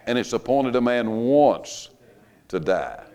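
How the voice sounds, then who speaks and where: An older man preaching a revival sermon in a church, folksy and joking, rising to loud emphatic stretches. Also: mid-range voice, lively intonation, slow. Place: church sanctuary.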